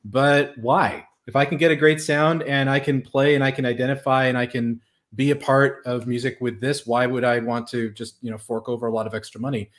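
Male host, relaxed gear-talk chat, hesitant "uh"s throughout. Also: mid-range voice, a little fast. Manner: easygoing, with frequent hesitations. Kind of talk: casual chat.

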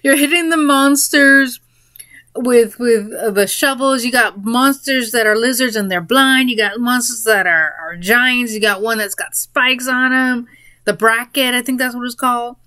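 A woman's voice: fairly high pitch, a little slow, pushed and bright, no echo. A woman in a casual spoken monologue, rambling a little and breaking into giggles mid-sentence. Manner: rambling, with fillers and restarts. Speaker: vlogger.

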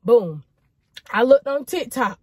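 A young woman vlogging from a car, talking chattily and excitedly to her viewers and saying "y'all" a lot. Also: a little high, slow pace, breathy edge, no echo. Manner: chatty, repeats "y'all" often, excited and grateful. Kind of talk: casual chat to the camera.

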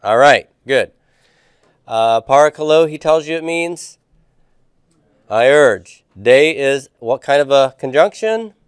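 Male teacher, clear resonant voice, patient quizzing style, dry close sound. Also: medium pitch, lively intonation, slow pace, long pauses, dry recording. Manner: quizzing students with questions, patient. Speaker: Greek teacher. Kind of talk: classroom homework review.

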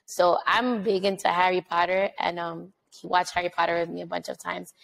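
Chatty woman podcast host, slightly gravelly. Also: fairly low pitch, flat delivery, a bit bright, rough recording. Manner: chatty storyteller, quick asides. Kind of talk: casual chat.

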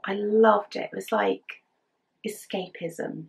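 Tired, husky English woman chatting. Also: on the low side, takes it slowly. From England. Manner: chatty, rambling, with fillers and giggles. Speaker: knitting podcast host. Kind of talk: casual chat.

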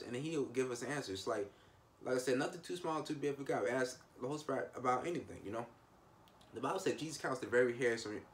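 Fast-talking man giving a casual sermon. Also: medium pitch, a little hiss or hum. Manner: repetitive, restarts often, emphatic asides. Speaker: preacher. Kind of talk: informal devotional sermon.

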